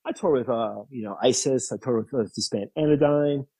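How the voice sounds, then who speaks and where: Husky man telling stories. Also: a little fast, rough recording. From New York. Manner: animated, laughs often, acts out quotes in a higher voice. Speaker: interview guest. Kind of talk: casual storytelling.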